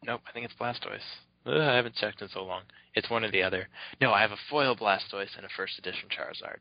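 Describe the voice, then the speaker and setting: A man's voice: fairly low pitch, quick pace, no room sound. A man co-hosting a podcast, telling a rambling story with lots of fillers and laughs. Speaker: podcast co-host. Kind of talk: casual chat, telling anecdotes. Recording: dull lo-fi dry recording.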